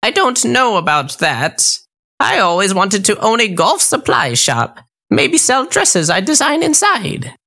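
High screechy storybook witch, bossy and greedy, voice swooping way up and down, bright and cutting, a guy putting her on. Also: very animated, a little slow, creaky, heavily acted. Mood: dreamy. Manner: high screechy put-on voice, snapping and cooing. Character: shrill green-skinned child-eating female witch, bossy. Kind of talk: audiobook character voice.

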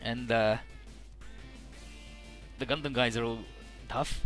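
A man casually recapping a video game story, rambling with filler words and quick character voices. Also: mid-range voice, steady tone, a bit bright, faint music behind. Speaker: let's play narrator.

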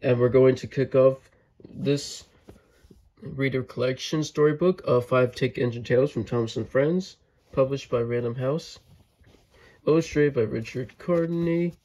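Male host reading a storybook, unhurried and halting, warm dark tone. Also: mid-range voice, poor audio. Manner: halting reading with slips and restarts. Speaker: channel host reading a children's book. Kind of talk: storybook read-aloud.

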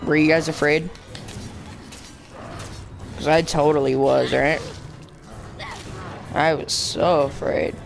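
A man's voice: fairly high pitch, level tone, takes it slowly, vocal fry, long pauses, soft background music. A young man commentating his own gameplay, rambling and jokingly insulting the characters on screen. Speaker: gaming channel host. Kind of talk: let's play commentary.

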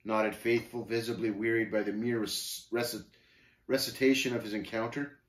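A man's voice: mid-range voice, normal speed. Man reading a story aloud in an echoey room. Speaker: reader.

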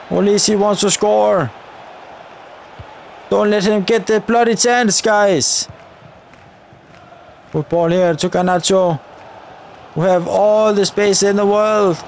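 A young man giving live commentary over a football video game, shouting at the referee in frustrated outbursts. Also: high-pitched, a little hiss or hum. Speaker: gaming YouTuber.

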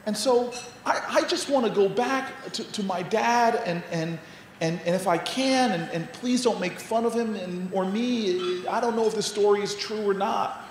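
A man's voice: sits high, moderate pace. A man giving an inspirational gala speech from a podium, stumbling over repeated words and building to rousing refrains. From United States. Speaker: mayor, gala speaker. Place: large banquet hall. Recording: echoey hall, faint noise.

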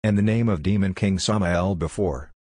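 A man's voice: low-pitched, moderate pace, a little mellow, no room sound, studio quality. A man voicing a wary male middle-rank demon who mutters to himself, in an audiobook. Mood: grumbling.

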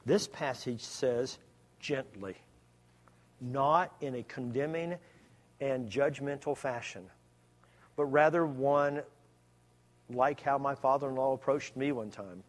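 A man delivering a church sermon at an ordinary mid-range pitch. He talks to the congregation in a plain, conversational way. At times he turns emphatic and loud. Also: slow pace, pauses often. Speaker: preacher.

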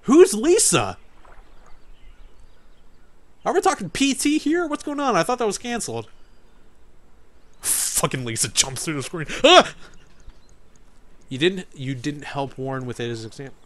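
A man recording game commentary, his pitch sitting a little high and swinging widely as he rants. He swears freely and sounds openly irritated. A casual let's-play commentary voice. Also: very animated, measured pace, long pauses.

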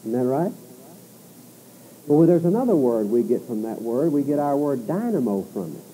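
A man's voice: medium pitch, sing-song, normal speed, warm tone, a little hiss or hum, low-quality recording. A man preaching an expository sermon, reading scripture with rising emphasis and turning to the listeners with conversational asides and rhetorical questions.

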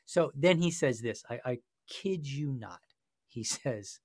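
A male podcast host tells a story with passion and a sarcastic edge. His mid-pitched voice sits dry and close, with no room sound. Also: expressive, slow pace, no echo. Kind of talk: casual discussion.

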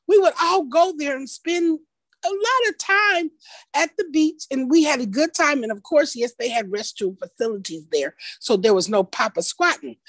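A woman tells a personal story at a story slam over a video call, slow and expressive with a folksy touch. Her voice sits high and swings widely in pitch. The sound is dry and close. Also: dry recording.

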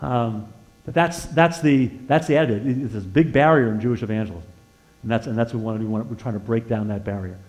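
A male guest preacher telling stories from the pulpit in a middle-pitched voice. He swings from loud, emphatic bursts to hushed, earnest asides. His words stumble into repeats and restarts as he goes. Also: quick pace, rough recording. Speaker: guest speaker at a church. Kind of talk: sermon. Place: church sanctuary.

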